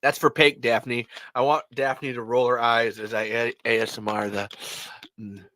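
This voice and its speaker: Male podcast host, casual live-stream chatter, forceful bright tone, tumbling restarts and cursing. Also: medium pitch, normal speed, no echo. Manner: rambling, excitable storytelling with stammered restarts and swearing.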